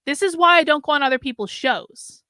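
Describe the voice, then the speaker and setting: A middle-aged woman hosting her own show, talking casually and rambling in an exasperated way, sounding drained and low on energy. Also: brisk, bright, forceful tone, no echo, clean studio sound. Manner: rambling and exasperated, heavy on fillers. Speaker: host. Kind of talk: casual solo commentary.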